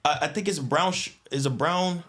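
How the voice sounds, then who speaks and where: A young man telling a long story in casual chat, rambling and filling gaps with "boom" and "you know what I'm saying". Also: fast talker, fairly bright tone. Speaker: guest.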